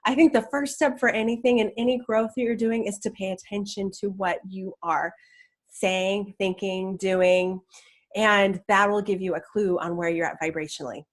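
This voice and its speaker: A woman teaching law of attraction in a casual, enthusiastic talk, chatty with many restarts. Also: mid-range voice.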